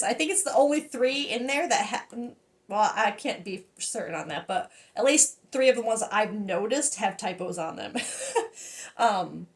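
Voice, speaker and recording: A woman giving a casual tarot reading, excitable and emotional, often laughing and trailing off mid-sentence. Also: mid-range voice. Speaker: tarot reader.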